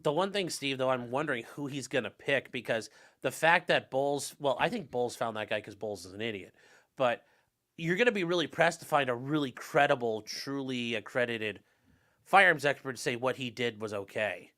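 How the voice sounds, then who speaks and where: A man talking as a lawyer panelist in a casual panel discussion, animated and joking, with quick restarts. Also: medium pitch.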